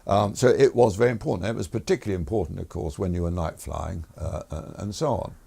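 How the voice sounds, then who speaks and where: An older man, a retired air force officer telling stories in a relaxed interview, chuckling and restarting as he goes. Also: sits low, quick pace, gravelly, husky. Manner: chuckles through stories, many fillers and restarts.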